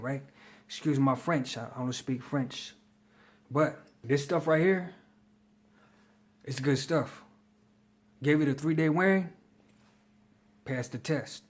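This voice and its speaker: Slangy, chatty man reviewing fragrances. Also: mid-range voice. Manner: slangy, chatty, hypes his picks. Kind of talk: casual vlog review.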